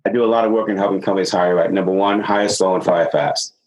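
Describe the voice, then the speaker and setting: On an interview podcast, a middle-aged sales consultant explains his ideas energetically and acts out the dialogue in his stories. He talks fast in a low voice, and the audio quality is poor.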